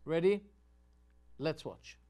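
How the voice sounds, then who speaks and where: A man's voice: on the high side, lively intonation, takes it slowly, mellow. A man, a sheikh presenting a show and commenting on video clips with rhetorical questions and muttered asides.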